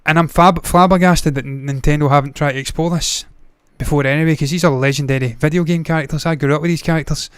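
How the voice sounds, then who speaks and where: Male movie-news host, fairly high voice, smooth and dry; swears freely and rambles off on tangents. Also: fairly even intonation, quick pace, few pauses, a bit bright, no room sound. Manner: blunt, profane, rambling with tangents. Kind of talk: casual solo commentary.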